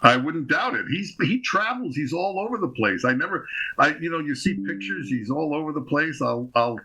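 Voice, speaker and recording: A man being interviewed as a guest actor, rambling through affectionate anecdotes in a relaxed chat. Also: a little high, normal speed, breathy edge, low-quality recording.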